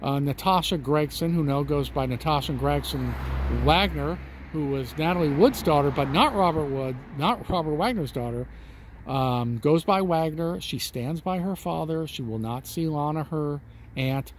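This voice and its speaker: A man's voice: a little high, normal speed, a little hiss or hum. A man hosting a true-crime vlog, talking in a chatty, folksy way to his viewers while standing outdoors on a residential street. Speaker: channel host.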